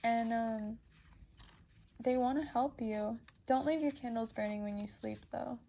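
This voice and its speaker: A woman's voice: on the high side, unhurried, warm tone, a little hiss or hum. A young woman giving a casual pick-a-card reading as a tarot reader, chatty and rambling with many fillers and restarts. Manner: emotional, gushing.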